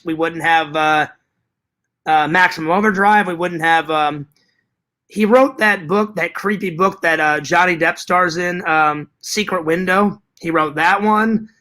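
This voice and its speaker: Animated, bright-voiced man swearing freely. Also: high-pitched. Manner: animated, profane, repeats himself. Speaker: live stream host reading chat. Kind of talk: casual live-stream chat.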